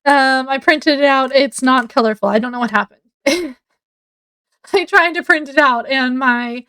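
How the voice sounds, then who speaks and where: A woman's voice: high voice, fairly bright tone, clear, resonant tone. A woman, rambling casually to camera at home as a book vlogger, with lots of fillers. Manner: rambling, chatty, many fillers. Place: home, indoors.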